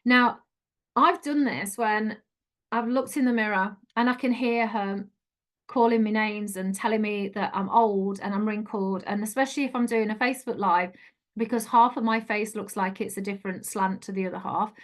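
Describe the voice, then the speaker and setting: A woman's voice: mid-range voice, steady tone, moderate pace. A middle-aged woman giving an online coaching talk, chatty, earnest and encouraging. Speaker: life coach.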